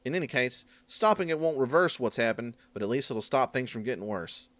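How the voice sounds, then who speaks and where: A man's voice: medium pitch, lively intonation, fairly quick, fairly bright tone, dry recording, close to an everyday voice. A man voicing a wiry, courtly old male gardener with a put-on southern US accent, speaking in an old-fashioned gallant way. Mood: earnest.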